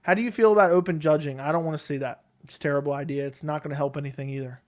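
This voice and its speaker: A man hosting a casual live stream at home, reading chat questions and answering them in a relaxed, rambling way on a close desk mic. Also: a little high, racing. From Connecticut, USA. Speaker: MMA YouTube host reading live chat. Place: home, seated in a chair. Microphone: close desk microphone.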